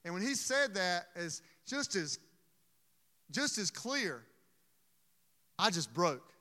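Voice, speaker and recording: A man's voice: sits high, big pitch swings, slow, pauses often, pushed and bright, in a large hall. A man preaching a sermon in an earnest, emotional way, often stopping and restarting his sentences. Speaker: pastor.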